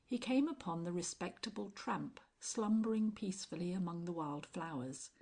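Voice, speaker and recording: Low, breathy woman narrating a story. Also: moderate pace, warm tone. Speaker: audiobook narrator. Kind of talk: scripted audiobook narration.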